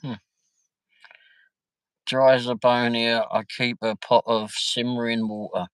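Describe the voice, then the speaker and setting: A man's voice: medium pitch, flat delivery, slow pace, clean tone, no room sound, low-quality recording. A man hosting a casual livestream from home, chatting and joking as he answers viewer comments. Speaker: livestream host. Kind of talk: casual live-stream chat.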